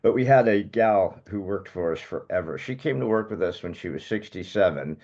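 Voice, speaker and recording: A man's voice: sits low, expressive, fairly quick, darkish tone, muffled recording. A man hosting a podcast interview, chatting casually and telling stories with jokey asides. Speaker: podcast host.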